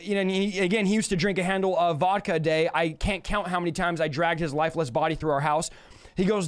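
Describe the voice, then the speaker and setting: Man, high voice, personal testimony, lively storytelling, acts out quotes. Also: fast talker. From California. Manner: animated, acts out quoted dialogue. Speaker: guest sharing a testimony.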